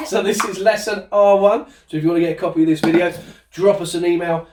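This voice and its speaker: A man's voice: sits high, a little fast, heavy background noise. A man giving a home-school lesson with a child, asking coaxing questions in a cheerful way. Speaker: presenter. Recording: roomy sound from a distance.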